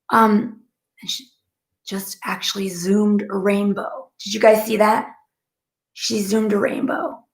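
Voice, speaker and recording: Flustered psychic woman with a gravelly voice. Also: mid-range voice. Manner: flustered, breaks into hushed whispered asides. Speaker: psychic medium. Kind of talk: live-stream spiritual channeling. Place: living room at home.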